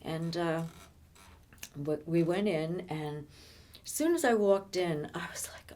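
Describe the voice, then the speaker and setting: An older woman telling her own life story in conversation, halting and often repeating words as she restarts. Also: on the low side, a little mellow. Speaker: interviewee.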